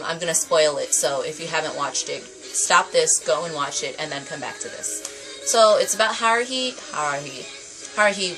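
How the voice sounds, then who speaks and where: A young woman vlogging a casual anime review, rambling and animated as she retells the plot. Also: fairly low pitch, rough recording. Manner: rambling, quick and animated storytelling.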